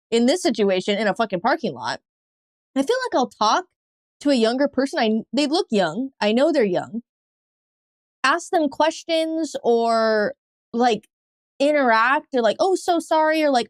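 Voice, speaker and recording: A woman's voice: a little high, expressive, no echo. A young woman co-hosting a podcast, chatty and teasing, swearing freely. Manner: chatty, swearing, quick to tease. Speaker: podcast co-host. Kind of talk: casual chat. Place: podcast studio.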